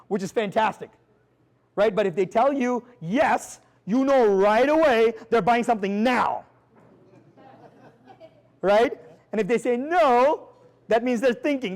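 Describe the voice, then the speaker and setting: This high-voiced man is a sales trainer presenting live at a seminar, bursting with energy and emphasis as he throws rhetorical questions at the crowd. He talks fast and casually, often restarting sentences and leaning on "like" and "right?".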